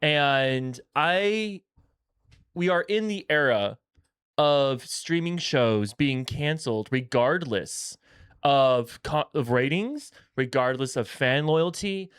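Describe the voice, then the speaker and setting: Smooth-voiced man in casual chat. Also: medium pitch, slow pace, no room sound, clean studio sound. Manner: animated, self-correcting, emphatic. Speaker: podcast co-host.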